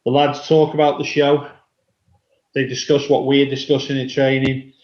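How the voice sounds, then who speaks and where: Radio co-host, man, monotone and halting, dull echoey lo-fi sound. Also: medium pitch. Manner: halting, restarts a lot, calls the other host mate. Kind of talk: casual radio chat.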